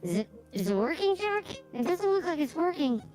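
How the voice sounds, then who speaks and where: A woman playing a tabletop game, calling out excitedly from away from the mic. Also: extremely high pitch, brisk. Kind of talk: casual tabletop play.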